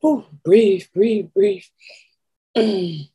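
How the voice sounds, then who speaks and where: Slow, husky woman preaching with fervor. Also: fairly low pitch, darkish tone, poor audio. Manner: fervent, moaning and sighing between phrases; overwhelmed, pausing to collect herself. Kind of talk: emotional spiritual testimony.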